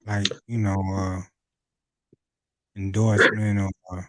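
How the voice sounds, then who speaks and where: A man's voice: on the low side, flat delivery, slow, a bit bright. A man hosting a casual interview, asking loose questions full of fillers. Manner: rambling, filler-heavy questions. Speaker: podcast host.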